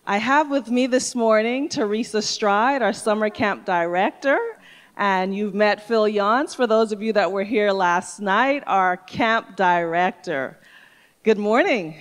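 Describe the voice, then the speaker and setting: Kobieta o gładkim głosie prowadząca nabożeństwo. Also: female voice, medium pitch, unhurried. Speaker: church service host. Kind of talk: introducing guests and calling for an offering. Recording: long hall reverb.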